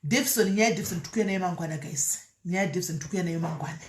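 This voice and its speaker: A woman's voice: on the low side, fast, roomy sound, slight background noise. A woman hosting a casual live stream, reading out viewer comments and chatting freely between Shona and English with frequent laughs.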